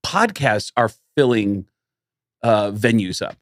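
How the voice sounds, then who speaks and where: Animated male comedian podcast host. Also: takes it slowly, dry recording, studio quality. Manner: animated, jumps into high quoted voices when retelling stories. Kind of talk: casual chat, storytelling.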